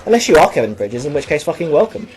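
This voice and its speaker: A man's voice: on the high side, big pitch swings, very fast, a little mellow. A young man giving rambling, profane, self-mocking commentary while playing a video game. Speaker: let's play commentator.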